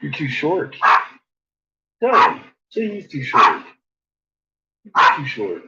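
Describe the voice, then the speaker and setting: A man's voice: on the high side, wildly swooping pitch, takes it slowly, bright, forceful tone. A man chatting casually late at night, cooing at his dogs, laughing often and swearing freely, on a slightly dull lo-fi recording. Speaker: vlogger.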